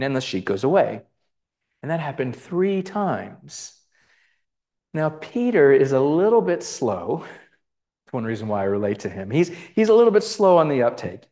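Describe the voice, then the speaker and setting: A man's voice: on the high side, very animated, normal speed, darkish tone. A man giving a lecture on scripture, with conversational asides, who acts out the quoted voices. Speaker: Bible teacher.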